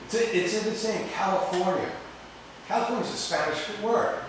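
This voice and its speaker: A man's voice: high-pitched, brisk. A man teaching a class, rambling, repeating words and quizzing his students. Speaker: cooking instructor. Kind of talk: classroom lecture. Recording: echoey room, distant mic, faint noise.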